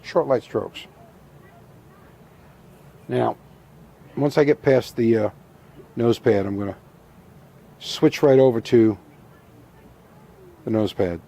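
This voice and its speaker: A middle-aged man teaching a hands-on craft, talking through each step in a calm, methodical way and repeating the key points. His voice is mellow and dark, with a dry, understated humor. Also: mid-range voice, slow, creaky, long pauses. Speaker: taxidermy instructor. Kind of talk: hands-on demonstration.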